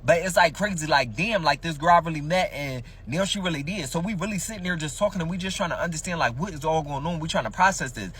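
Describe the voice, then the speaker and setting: A man's voice: fairly high pitch, fast talker, hardly any pauses, fairly bright tone, far from the mic, a little hiss or hum. A man telling a dramatic first-person story in casual, slangy, profane speech, talking straight to his listeners.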